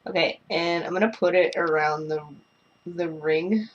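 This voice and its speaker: A woman's voice: lowish voice, a little slow, highs cut off. A young woman vlogging a makeup review, talking casually and bluntly, swearing and ranting. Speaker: beauty vlogger.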